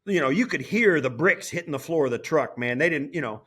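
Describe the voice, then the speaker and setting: A middle-aged man, a former player turned broadcaster, telling a story as an interview guest in an animated way, with frequent restarts. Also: fairly high pitch, a little fast, breathy edge. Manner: animated, lively, full of restarts. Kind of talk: casual storytelling.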